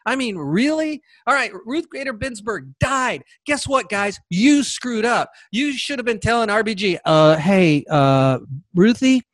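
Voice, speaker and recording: Man, high voice, sarcastic podcast host, scornful asides, dry recording. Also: expressive, normal speed, hardly any pauses, a bit bright, dry recording. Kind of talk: solo political commentary podcast.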